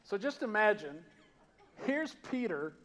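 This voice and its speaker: A man from the Georgia mountains, raised with a Southern accent, preaching a sermon in a conversational, storytelling way that swings from loud to hushed. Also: sits high, sing-song, a little slow. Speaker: pastor.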